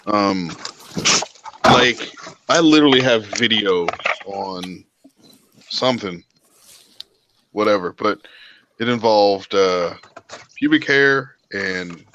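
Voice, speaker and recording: A man's voice: lowish voice, slow pace, long pauses, muffled recording, background noise. A man from the United States hosting a livestream, swearing constantly as he tells long stories in casual chat with his friends. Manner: profane, rambling, animated storytelling. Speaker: livestream host. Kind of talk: casual group chat storytelling.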